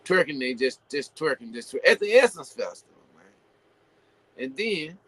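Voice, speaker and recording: A man hosting his own show, talking casually and at length, full of "you know" fillers and restarts, building into animated rhetorical questions. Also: a little high, unhurried, slightly rough, dry recording, poor audio. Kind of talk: casual opinion monologue.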